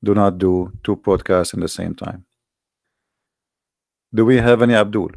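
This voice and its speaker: A man hosting a livestream who tells stories in animated, broken English and talks straight to his audience. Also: lowish voice, measured pace, vocal fry, no echo, clean studio sound. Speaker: livestream host. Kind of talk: casual livestream storytelling.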